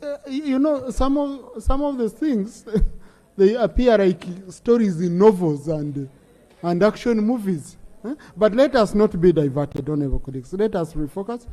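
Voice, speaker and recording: A man's voice: sits high, expressive, normal speed, dark tone. A man with a Ugandan English accent chairing a parliamentary session, firm and given to repeating phrases. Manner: firm, repeats phrases while directing debate. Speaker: presiding speaker of parliament. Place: parliament chamber. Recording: long reverb of a large chamber.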